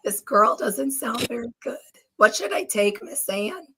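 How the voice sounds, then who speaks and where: Female stream guest, squeaky hoarse post-flu voice, bright tone, cheerful self-mocking chat. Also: measured pace. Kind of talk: casual chat.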